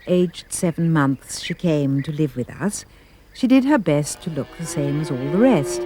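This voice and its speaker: A woman giving a playful, expressive reading of comic rhyming verse. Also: slight background noise. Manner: animated, playful storytelling with big pitch leaps. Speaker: storyteller.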